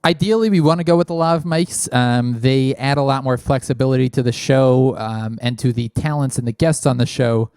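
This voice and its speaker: Hosting a laid-back call-in show from a small studio, a man speaks right up on a large studio microphone, with no room sound. His medium-pitched voice is smooth and darkish, moving at normal speed with hardly any pauses as he rambles through plenty of fillers.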